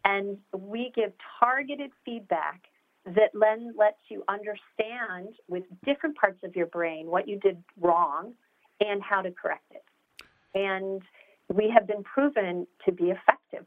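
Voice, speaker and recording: A woman's voice: medium pitch, unhurried, narrow, tinny audio. A woman founder answering interview questions, enthusiastic and explanatory, with many fillers. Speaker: startup founder.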